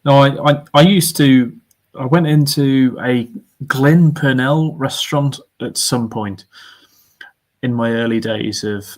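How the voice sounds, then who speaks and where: A man's voice: mid-range voice, takes it slowly, darkish tone. A man co-hosting a podcast, rambling and chuckling through a casual chat over beers. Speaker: podcast co-host.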